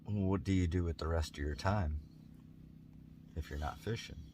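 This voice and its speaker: A man voicing an eager American businessman in a told story, pitching big plans persuasively. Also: moderate pace, background noise, natural voice.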